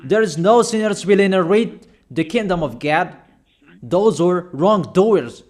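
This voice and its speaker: Insistent high-voiced male preacher. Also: expressive, a little mellow. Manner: insistent, repeats phrases slowly for emphasis. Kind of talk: sermon.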